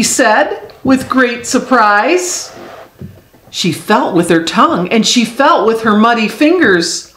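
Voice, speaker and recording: A woman reads a picture book aloud, slow and unhurried. Her pitch rises and falls with the story. An echoey room surrounds her voice. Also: lively intonation, a bit bright. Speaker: children's book reader.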